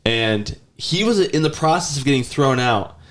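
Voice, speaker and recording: A man's voice: mid-range voice, animated, normal speed. A man in his thirties chats on a podcast with loose, rambling storytelling. His voice sits in an ordinary middle register. Now and then he slips into a whiny child's voice. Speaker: podcast host. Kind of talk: casual chat.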